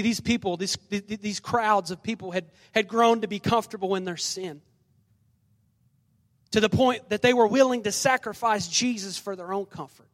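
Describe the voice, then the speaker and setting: A male pastor with a high-pitched voice preaches to his congregation, swinging between loud calls and hushed lines as he acts out the scripture. His voice rings through a reverberant church sanctuary. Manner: preaching with call-and-response and dramatic scripture reading. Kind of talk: sermon. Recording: long reverb of a large hall.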